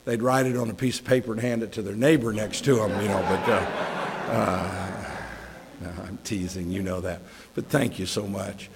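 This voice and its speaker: A man's voice: lowish voice, steady tone, moderate pace, heavy background noise. Folksy preacher man in a reverberant hall. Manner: folksy, joking, warm asides with chuckles. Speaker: guest preacher. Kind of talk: conversational sermon with anecdotes. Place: church sanctuary.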